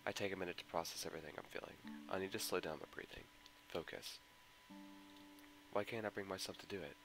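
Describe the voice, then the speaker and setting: A deep-voiced man talks fast as he dramatically narrates a visual novel mod in the first person, sounding emotional and anguished. The rough recording has guitar music in the background.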